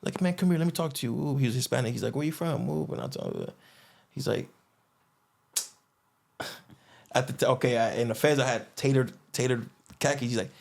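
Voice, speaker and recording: Man, casual storytelling, slangy, quick restarts, voices other people's lines. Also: medium pitch, creaky. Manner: animated, acts out others' lines, slangy, frequent restarts and fillers. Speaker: guest telling a story.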